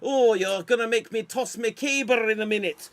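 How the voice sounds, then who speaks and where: A man voicing a boastful, crude male Scottish warrior chief in an improv comedy scene, in loud, blustering mock-Scottish tones. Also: very high-pitched, animated, a little slow, pitched above the performer's own voice, exaggerated voice. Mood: bawdy bluster.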